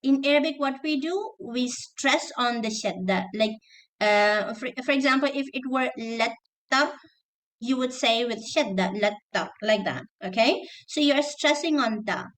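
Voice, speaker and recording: A woman teacher giving an online lesson, repeating words slowly to drill pronunciation and mixing in Arabic terms. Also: a little high, fairly bright tone. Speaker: teacher trainer.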